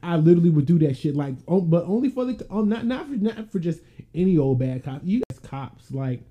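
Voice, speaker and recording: A man co-hosting a podcast, ranting in an animated, profanity-heavy casual style. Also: fairly high pitch, a little fast, lo-fi sound. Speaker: podcast co-host.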